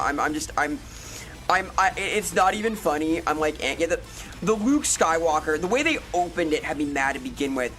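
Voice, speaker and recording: A woman's voice: sits low, very animated, extremely slow, long pauses, a bit bright. A woman streamer chatting casually with viewers, ranting and swearing with exasperation over faint background music. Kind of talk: casual live-stream chat answering viewers.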